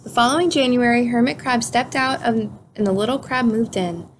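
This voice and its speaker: A woman reading a children's picture book aloud in a calm, clear storytelling manner. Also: a little high, brisk, a little hiss or hum. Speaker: storybook reader.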